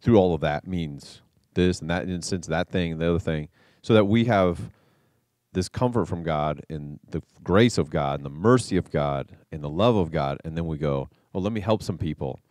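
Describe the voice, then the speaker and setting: A man's voice: sits low, moderate pace, a little mellow, no echo, studio quality. A man hosting a church interview, reflecting in a rambling way and reading aloud from scripture. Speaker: church host interviewing a guest.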